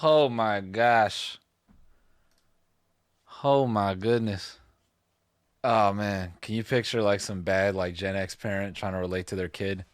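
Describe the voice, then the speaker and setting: A man's voice: lowish voice, fairly even intonation, takes it slowly, long pauses, dry recording, clean studio sound. A man reacting casually on a live stream, laughing often and swearing freely.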